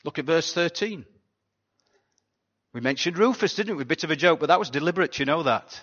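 A pastor giving a sermon in a chatty, conversational way, often asking the congregation rhetorical questions. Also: male voice, fairly high pitch, fairly quick, a bit bright. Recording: dull sound with long hall reverb.

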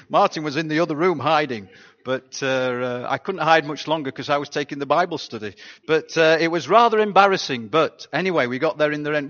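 A pastor giving a sermon in a chatty, conversational way, often asking the congregation rhetorical questions. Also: male voice, a little high, a bit bright. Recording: dull sound with long hall reverb.

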